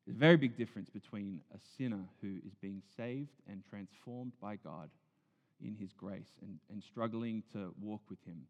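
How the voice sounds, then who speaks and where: A male pastor preaching a sermon earnestly, moving between loud emphasis and hushed, near-whispered lines. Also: lowish voice, moderate pace. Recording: dull sound in a big reverberant hall.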